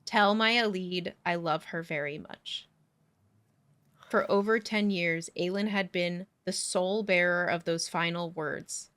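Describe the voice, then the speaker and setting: A woman's voice: lowish voice, fairly even intonation, unhurried, a bit bright. A woman co-hosting a book podcast who reads passages aloud and talks enthusiastically about the story. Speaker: podcast co-host. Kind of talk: book club chat with read-aloud passages.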